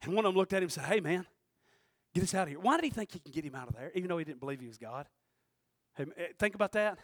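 A man preaching a sermon, who swings between shouting and quiet, intense passages and calls out to the congregation. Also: high-pitched, big pitch swings, racing, no echo, studio quality. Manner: preaches with call-and-response asides to the congregation. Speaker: pastor.

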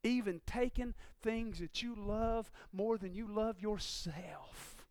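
A man preaching a sermon in a folksy way, dropping to quiet asides and rising to shouted, impassioned peaks. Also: slow, no echo. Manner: swings from low conversational asides to shouted, impassioned climaxes; folksy, uses ain't and y'all.

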